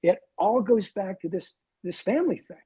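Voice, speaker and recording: A man's voice: high-pitched, animated, moderate pace, mellow, husky, poor audio. A man in his sixties, a guest on a podcast, telling wry, self-deprecating stories. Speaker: guest, TV weatherman. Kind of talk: storytelling in a podcast interview.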